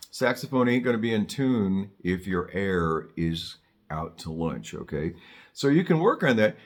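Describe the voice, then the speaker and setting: An older man teaching saxophone in a casual, joking way, often restarting his sentences and adding wry asides. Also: lowish voice. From Southern California. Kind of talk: casual on-camera music lesson.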